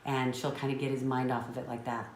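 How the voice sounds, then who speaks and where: A woman's voice: a bass voice, level tone, fast. A woman business trainer telling a motivational story in an earnest, emotional way. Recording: roomy with faint noise.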